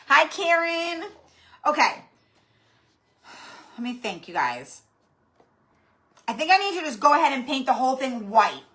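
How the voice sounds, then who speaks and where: A woman's voice: sits high, sing-song, a little slow, long pauses, bright, forceful tone. A woman hosting a live-stream craft tutorial, chatty and rambling as she greets viewers by name. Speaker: craft channel host.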